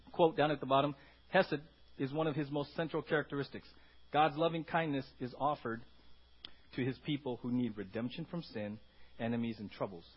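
A man preaching a lively sermon to his congregation in a church, calling out for responses and acting out voices in sudden loud bursts. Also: breathy edge, muffled recording. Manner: animated, calls out "Amen?" and "right?" to the congregation; acts out quoted voices with sudden loud, high outbursts. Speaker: pastor. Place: church hall before a congregation.

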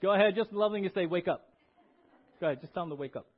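A male pastor preaching a sermon in a church. He is animated and emphatic and asks the congregation questions. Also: high-pitched, very fast. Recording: dull lo-fi recording.

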